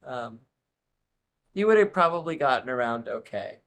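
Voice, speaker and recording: A man's voice: mid-range voice, big pitch swings, moderate pace, gravelly, fairly bright tone. A man interviewing a guest, asking curious follow-up questions and laughing easily.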